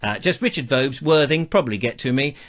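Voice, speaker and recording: A man's voice: mid-range voice, animated, brisk, a bit bright. A man hosting a live show in a chatty, jokey, self-mocking way. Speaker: host.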